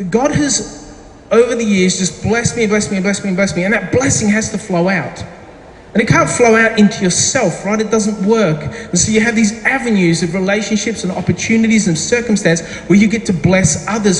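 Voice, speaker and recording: A man's voice: sits high, a little hiss or hum. A middle-aged man preaching a sermon as pastor, telling a story chattily with self-deprecating asides. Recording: echoey hall with faint ambience.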